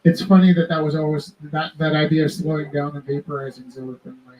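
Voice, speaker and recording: A man hosting a live art auction, telling rambling personal stories to the audience in an animated, self-interrupting way. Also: on the high side, quick pace, muffled recording. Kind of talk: casual storytelling to a live audience.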